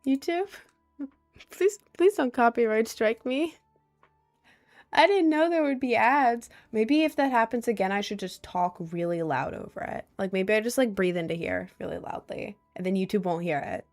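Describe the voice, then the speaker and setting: Young female streamer, mid-range pitch, vocal fry, loose and self-deprecating delivery. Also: a little fast, few pauses. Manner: rambling, self-deprecating, giggly. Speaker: livestreamer reading chat. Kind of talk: casual livestream chat. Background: faint Celtic music.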